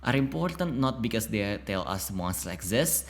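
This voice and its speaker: A man's voice: on the low side, sing-song, normal speed. A man reading a narrative game's text aloud, often stumbling over words and breaking off into chatty asides to himself. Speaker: YouTuber playing a narrative game.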